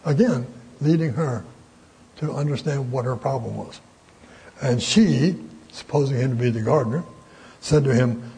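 Older man teaching a mellow Bible lesson. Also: mid-range voice, creaky, breathy edge, rough recording. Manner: halting, frequent fillers, folksy and conversational. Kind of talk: informal Bible study teaching.

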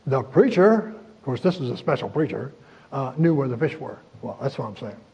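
A man preaching a sermon in a folksy, chuckling way, with many pauses and fillers. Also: medium pitch, animated, gravelly, a little mellow, slightly rough, dull audio.

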